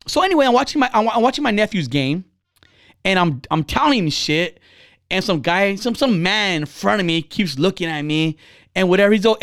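A man in his thirties talks bluntly and swears freely, his fairly high voice swinging up and down as he acts out the people in his stories. The recording is close and dry, with no room sound. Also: fairly quick, dry recording. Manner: blunt, profane, animated storytelling; acts out quoted people with big pitch jumps. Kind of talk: casual chat.

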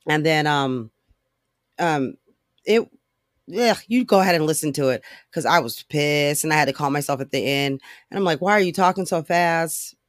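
A podcast host rants alone, talking fast in blunt, profane, frustrated language full of fillers. His voice is medium-pitched, and the casual solo recording is clean studio sound with no echo.

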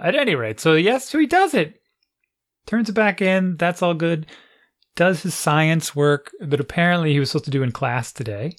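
A parent recounting a frustrating school day in a casual chat. The voice sits at a middling pitch, swings lively up and down, and spills out full of "like" fillers and exasperation. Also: moderate pace. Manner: animated, exasperated, lots of "like" fillers.

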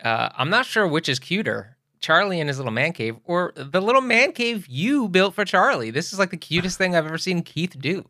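A tired man co-hosting a podcast, chatting in a lively, playful, teasing way. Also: sits high, fairly quick, hardly any pauses, no room sound, studio quality. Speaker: podcast co-host. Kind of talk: casual podcast chat.

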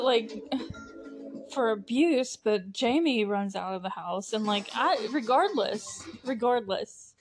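Woman podcast host, young adult, mid-pitched, loose and chatty, laughs often, casual recap delivery. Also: darkish tone. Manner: chatty, lots of fillers and frequent laughter.

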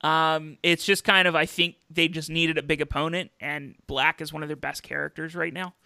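Host type: bright, crisp male voice with gravelly fry, casual wrestling chat, dry close mic. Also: on the high side, steady tone, moderate pace, no room sound. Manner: chatty, with many fillers and restarts. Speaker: podcast host.

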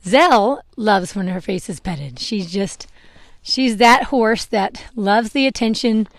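With a mid-range voice, lively intonation and a slow pace, a young adult woman rambles casually while grooming her horse outdoors, laughing at her slips. She's a horse owner and vlogger using a clip-on mic, captured in echo-free, studio-quality audio.

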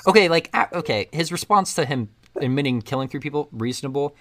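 A man casually retelling a film scene by scene, rambling and animated as he acts out lines. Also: on the high side, quick pace, crowd noise. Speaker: co-host recapping a film. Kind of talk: casual chat.

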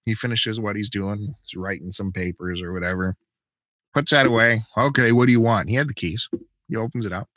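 This podcast host has a lowish voice and a fairly quick delivery as he casually narrates a story, bringing its people to life with animated impressions. The studio sound is clean, with no room sound.

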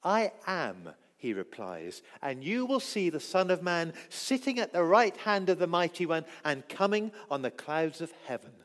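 A high-voiced man delivers a sermon with a very lively, rising and falling delivery. He acts out the quoted voices and swings between loud and hushed. His voice rings with the long echo of a church hall. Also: moderate pace, hardly any pauses. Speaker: preacher.

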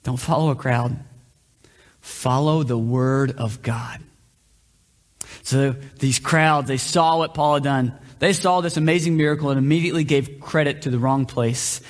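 A man's voice: fairly high pitch, steady tone, moderate pace, few pauses. Man preaching in a reverberant hall. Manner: conversational, asks the room questions, varies pace. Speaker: pastor. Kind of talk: sermon. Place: church hall.

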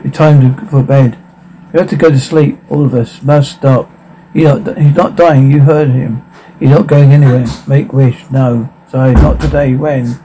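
A man reading captions and sound cues aloud in a halting, stumbling way with a flat delivery. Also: medium pitch, slight background noise, low-quality recording.

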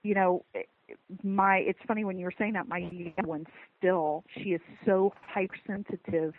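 A woman's voice: on the low side, fairly even intonation, moderate pace. A woman in casual conversation, talking earnestly and reassuringly as she gives advice. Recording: tinny phone line.

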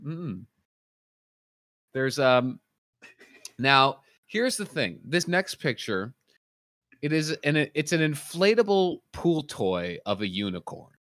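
A man leading a casual comedic chat in a deadpan, mock-serious way. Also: mid-range voice, slow pace, pauses often, no echo, studio quality.

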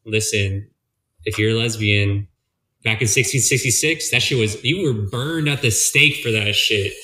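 A man talks through a movie in a loose, rambling, profane way. His voice is very bright and forward. The room around him rings with echo. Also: lowish voice, normal speed. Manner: rambling, profane, animated storytelling. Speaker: podcast co-host. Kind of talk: casual movie review chat.

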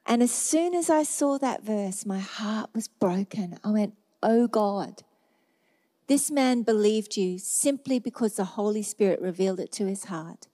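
A woman preacher giving a sermon testimony, acting out her own past prayers in lively storytelling. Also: mid-range voice.

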